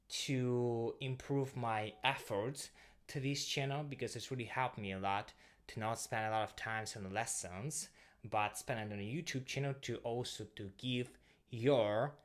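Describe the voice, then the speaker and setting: A young Russian-accented man teaching an online language lesson. He talks at a middle pitch and walks his learners through each point one step at a time, like a patient teacher writing on a board.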